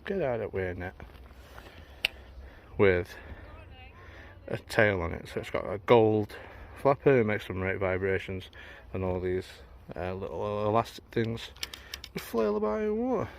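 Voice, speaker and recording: A man's voice: on the low side, big pitch swings, a little slow, vocal fry, a little hiss or hum. A man with a South Yorkshire accent, chatting and joking as he vlogs a fishing trip outdoors by a river. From South Yorkshire, England. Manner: chatty, jokey, swears when annoyed. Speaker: angler vlogger. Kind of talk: casual outdoor fishing vlog.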